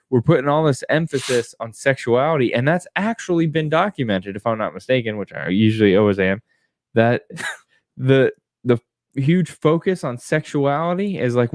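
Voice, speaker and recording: A man's voice: medium pitch, animated, normal speed, darkish tone, dry recording, clean studio sound. Blunt, crude-joking podcast host man. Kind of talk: casual chat.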